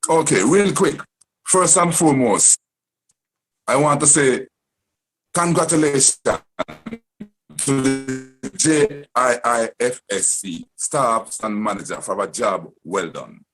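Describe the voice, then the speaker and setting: A man's voice: medium pitch, slow, pauses often, soft background music, rough recording. A man, a guest musician, answering interview questions in an earnest, courteous way. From Jamaica. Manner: earnest, courteous, full of thanks and praise.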